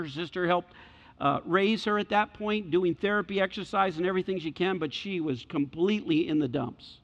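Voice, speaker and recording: A man preaching a sermon and telling a story, swinging between loud passages and hushed ones. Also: high voice. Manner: dramatic shifts between loud and hushed delivery. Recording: echoey hall, dull lo-fi sound.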